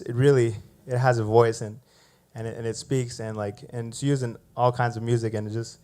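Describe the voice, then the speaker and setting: A man on stage at an open mic, chatting loosely between numbers. He laughs often, fills pauses with "uh" and "you know", and sounds a touch out of breath. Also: mid-range voice, faint music behind. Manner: laughing, relaxed, rambling with fillers. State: catching his breath. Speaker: open mic bass player. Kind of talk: casual chat between songs.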